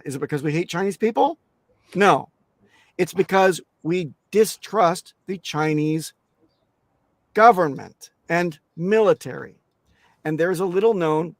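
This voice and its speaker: A man's voice: on the high side, no room sound, studio quality. Blunt, emphatic man talking crypto security. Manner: emphatic, blunt, swears, many restarts. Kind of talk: casual interview talk.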